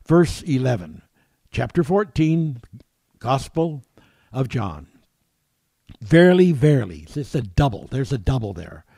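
A man preaching a sermon, halting and repeating words, growing forceful when reading scripture. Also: mid-range voice, animated, gravelly, breathy edge, no echo.

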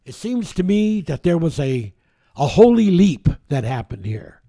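A man preaching a sermon, reading scripture aloud and explaining it, with halting restarts and drawn-out key words. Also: a little high, very animated, warm tone.

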